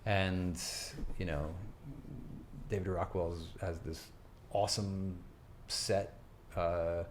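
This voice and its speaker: A man's voice: low-pitched, little pitch movement, slow pace, noisy background. A middle-aged man, a stage actor, talking in a casual interview with many restarts and fillers. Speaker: guest, Broadway actor.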